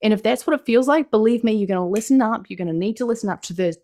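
A woman's voice: on the high side, rapid-fire, warm tone. Exuberant New Zealand woman speaker. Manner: exuberant, emphatic, repeats phrases for punch. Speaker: motivational speaker. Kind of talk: motivational presentation.

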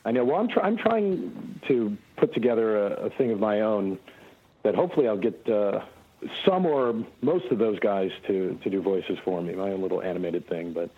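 Brief: male interview guest, relaxed storyteller, animated delivery, husky edge. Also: lowish voice, normal speed, phone-quality sound. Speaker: voice actor guest. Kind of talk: casual interview answers.

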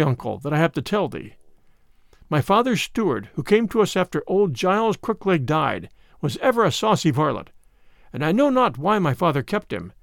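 A man voicing Will Gamwell, a strong, earnest young man who speaks in a measured way. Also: high-pitched, creaky, dry recording, clean studio sound, full character voice.

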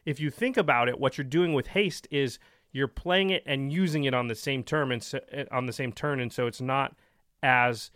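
A man's voice: mid-range voice, moderate pace, fairly bright tone, no echo. A man co-hosting a card game podcast, explaining cards in casual chat with dry jokes. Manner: explains card rules, jokey. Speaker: podcast co-host.

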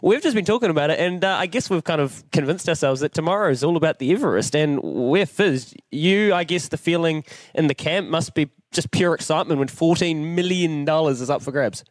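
A man's voice: a little high, animated, brisk, dry recording. A man with a New Zealand accent hosting a podcast in upbeat, casual chat. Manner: upbeat, chatty, hedging with fillers. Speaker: podcast host. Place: on site at a bloodstock sales venue.

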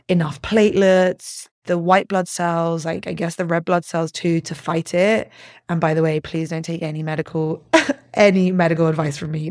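A young woman hosts a solo podcast episode and tells her story in a lively, animated way, swearing and laughing as she goes. Her voice sits a little low, and the recording is close and dry. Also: no echo. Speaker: podcast host.

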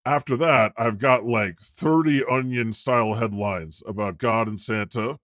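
A man's voice: mid-range voice, measured pace, a bit bright, dry recording, clean studio sound. A man hosting a comedy podcast in character as God, rambling and self-deprecating, laughing often. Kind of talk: improvised comedy chat.

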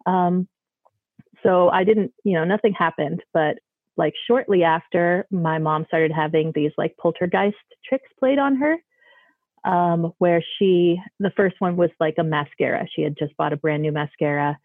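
A woman with a lowish voice rambles unhurriedly through a personal ghost story, leaning on "like" and "um" as she chats. The recording is dry and thin, like a phone line.

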